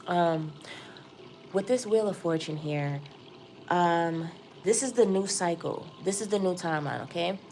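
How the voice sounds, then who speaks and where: Woman, low-ish voice, excitable live tarot reader, faint room hiss behind her. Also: a little slow. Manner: excitable, chatty, addresses viewers as y'all. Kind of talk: live tarot reading stream.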